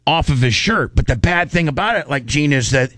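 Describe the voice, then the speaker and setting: A man hosting a talk show, telling rowdy old stories in a rambling, animated way, often stumbling and repeating words. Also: fairly high pitch, a little fast, no room sound. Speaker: radio show host. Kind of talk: casual storytelling chat.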